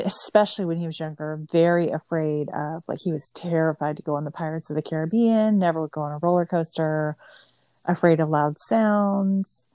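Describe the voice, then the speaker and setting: A middle-aged woman talks through family stories in a loose, chatty way, leaning on "like" as she goes. Her voice sits fairly low for a woman. The sound is dry and close, with no room around it. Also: mellow, no room sound. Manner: chatty, storytelling with many "like" fillers. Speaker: guest mother. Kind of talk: casual conversation.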